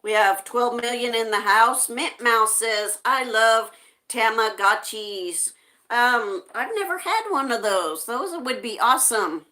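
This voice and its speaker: A US livestream host reads her chat aloud in a relaxed, slow, chatty way, laughing frequently. She speaks with a fairly high pitch and a bright, forceful tone.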